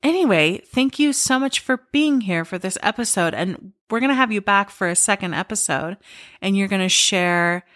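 A woman hosting a podcast, talking in a relaxed, chatty way with lots of filler words. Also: medium pitch, normal speed, dry recording, clean studio sound. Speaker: podcast host. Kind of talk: casual conversational interview.

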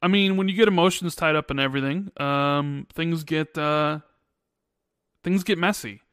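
A man's voice: fairly high pitch, moderate pace, fairly bright tone, clear, resonant tone, no echo, clean studio sound. A man in his thirties, co-hosting a podcast, who chats casually and tells rambling stories with many restarts. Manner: rambling storyteller, restarts often. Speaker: podcast co-host. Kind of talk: casual chat.

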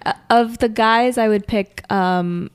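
A woman's voice: on the high side, takes it slowly, smooth, no echo, clean studio sound. A woman co-hosting a casual podcast, asking puzzled, curious questions. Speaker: podcast co-host. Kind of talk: casual chat.

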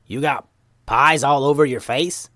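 A man's voice: medium pitch, unhurried, bright, forceful tone, no room sound, clean studio sound, pitched above the performer's own voice. A man voicing an easygoing male ninja master with a folksy drawl. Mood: joking.

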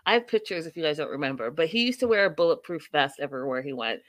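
A woman's voice: sits low, animated, fast talker, fairly bright tone, no echo. A young adult woman hosting a casual reality TV recap, chatty and opinionated, with playful asides to her viewers.

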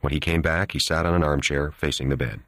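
A man narrating an audiobook in a steady, even storytelling manner. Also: a bass voice, fast talker, no room sound, clean studio sound.

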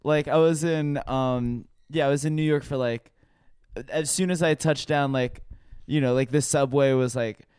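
A man's voice: mid-range voice, fairly even intonation, moderate pace, darkish tone, smooth, no echo, studio quality. A man co-hosting a casual podcast, rambling through stories with lots of fillers. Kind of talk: casual chat.

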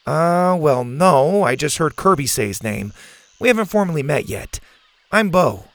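A man's voice: on the high side, lively intonation, a little slow, a bit bright, no echo, pitched above the performer's own voice. A man voicing a nervous young boy camper who jokes lightly and talks a bit anxiously. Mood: joking.

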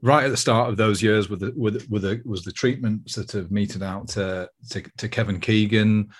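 A man's voice: lowish voice, fairly even intonation, moderate pace. A man hosting a fan podcast, talking in a reflective, rambling way with many restarts. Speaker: podcast host. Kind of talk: casual podcast chat.

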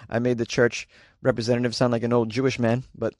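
A man's voice: medium pitch, little pitch movement, brisk, darkish tone, dry recording. Wry man doing comedic news commentary. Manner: wry, joking asides, chatty. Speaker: host.

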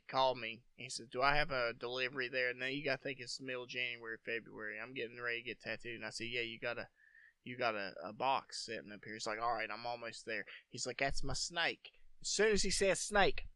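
A man's voice: mid-range voice, fairly even intonation, fairly quick, sharp tone, clean tone, dry recording. A man hosting a podcast, telling long profane stories in casual chat, laughing often. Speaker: podcast host.

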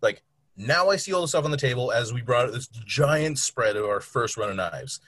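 Husky-voiced man telling lively stories. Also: mid-range voice, normal speed, no room sound. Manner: animated storyteller, mimics people in anecdotes. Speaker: knife company employee, podcast guest. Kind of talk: casual podcast chat.

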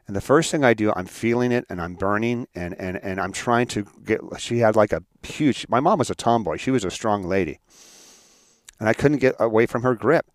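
A man with a fairly low voice tells a personal story to an audience, halting and repeating words as he goes. His delivery is heartfelt, and the sound is dry and close. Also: dry recording. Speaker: speaker telling his life story. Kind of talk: personal story in a motivational talk.

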